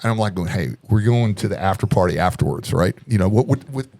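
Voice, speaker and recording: A man's voice: sits low, expressive, fast, a little mellow, a little hiss or hum. A man telling a long story as a podcast guest in casual chat, acting out quoted voices and laughing often.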